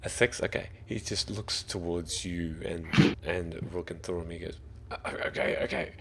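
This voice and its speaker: A man with an Australian accent running a tabletop game as dungeon master, relaxed and quick to laugh as he narrates and calls for rolls. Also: low-pitched, slight background noise.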